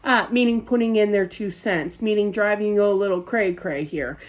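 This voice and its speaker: A woman's voice: mid-range voice, moderate pace. A woman with a Philadelphia accent giving a spiritual card reading in a rambling, reassuring way, often checking in with "okay?" and "you know.". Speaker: psychic card reader.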